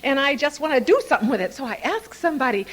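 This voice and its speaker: An older woman addresses a live audience at a recovery convention as an Al-Anon speaker. She tells stories in an animated, playful way and laughs often. Her voice sits high and she races along.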